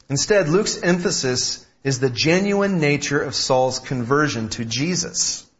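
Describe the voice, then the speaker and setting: A man with a slightly high voice preaching a sermon. He talks in a conversational way, often repeating himself and restarting phrases. The recording sounds a little dull and muffled. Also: a bit bright. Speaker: pastor.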